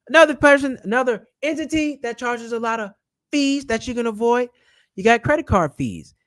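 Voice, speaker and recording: Guy w a high voice talking money tips, blunt, cusses, repeats himself, dead dry room. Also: fairly bright tone, no room sound. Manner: blunt, swears, repeats points for emphasis. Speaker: personal finance YouTuber. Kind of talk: casual direct-to-camera advice.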